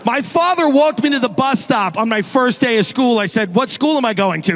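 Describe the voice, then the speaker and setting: A man doing stand-up with a gravelly voice, ranting. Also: extremely high pitch, animated, moderate pace, hardly any pauses, fairly bright tone, a little hiss or hum. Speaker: stand-up comedian. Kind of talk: stand-up routine.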